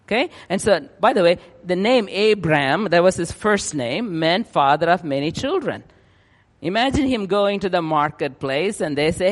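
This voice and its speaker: Brief: male preacher, high voice, excited rushed delivery, long hall reverb. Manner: excited, rushing, keeps checking in with "yeah?". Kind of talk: sermon.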